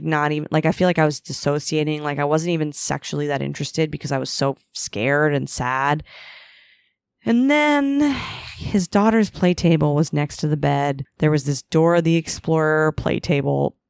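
Solo podcast host, woman, frank and profane, gravelly smooth voice, dry close mic. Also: low-pitched, no echo. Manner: candid, profane, self-deprecating storytelling; acts out her own past inner voice in quotes. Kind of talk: solo confessional monologue.

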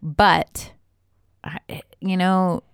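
A woman co-hosting a casual chat, playful and quick to laugh. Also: lowish voice, little pitch movement, gravelly, clean tone, dry recording, studio quality. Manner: giggly, playful, laughs often. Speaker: podcast co-host.

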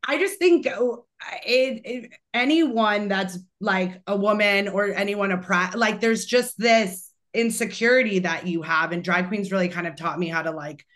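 A woman's voice: medium pitch, moderate pace, hardly any pauses, a bit bright. A young woman hosting a podcast, chatting in a rambling way full of "like". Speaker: podcast host. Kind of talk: casual chat.

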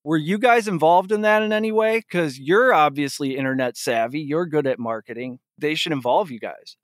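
A man's voice: fairly high pitch, normal speed, no echo, clean studio sound. A man hosting a podcast, asking questions in an easygoing way and laughing readily along with his guest. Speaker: podcast host. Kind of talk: casual interview chat.

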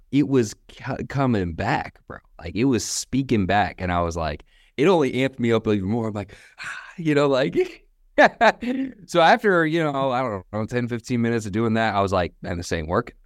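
A young adult man, a company founder, telling stories in a casual interview with a relaxed, chatty manner, tossing in "man" and "bro" and laughing between stories. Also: fairly low pitch, normal speed, no room sound, studio quality.

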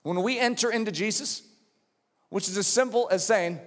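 A middle-aged man preaching a sermon with passion, moving from quiet, low passages to shouted high points. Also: moderate pace. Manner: impassioned, swings from quiet to shouting. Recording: long reverb of a large hall.

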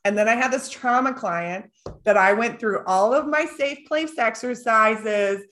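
A woman's voice: a little high, unhurried, a bit bright. A woman therapist co-hosting a podcast, chatting casually, with frequent laughter and lots of filler words. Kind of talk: casual chat.

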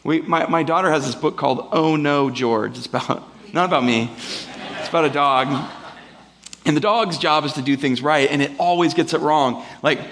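Male pastor, casual rambling sermon delivery, gravelly fry in the voice, slips into playful character voices. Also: fairly high pitch, normal speed, a bit bright. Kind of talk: conversational sermon. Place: church before a live congregation.

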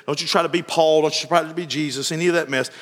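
High, bright-voiced preaching man. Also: steady tone, fast, big-room sound. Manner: exhorting, retells stories with voiced quotes. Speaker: pastor. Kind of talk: sermon.

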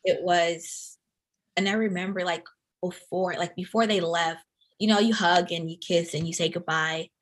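Lower-voiced woman, earnest and halting. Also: steady tone. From Atlanta, USA. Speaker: interview guest. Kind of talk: personal storytelling in conversation.

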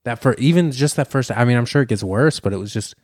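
A man's voice: mid-range voice, lively intonation, fast, a little mellow, no echo, studio quality. A man co-hosting a casual podcast chat, rambling and joking. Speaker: podcast co-host.

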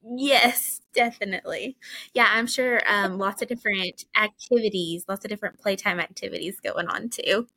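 Bright-voiced woman podcast host. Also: medium pitch, moderate pace, no echo. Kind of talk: casual interview chat.

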